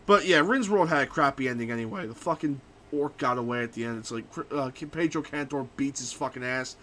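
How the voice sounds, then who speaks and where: With a medium-pitched, slightly bright voice moving a little fast, the young man chats casually on his gaming stream. Books he's read become the target of his profane rants.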